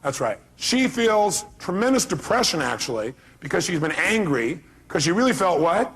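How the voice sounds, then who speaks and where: A man's voice: sits high, sing-song, normal speed, a bit bright, slightly rough. A middle-aged man giving a motivational seminar talk, emphatic and quizzing the audience with questions. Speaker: motivational speaker.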